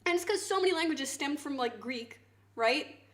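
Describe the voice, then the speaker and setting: A woman streamer chatting casually to her viewers, swinging into loud mock outrage and swearing. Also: sits high, expressive, moderate pace. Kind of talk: casual live-stream chat. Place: home kitchen.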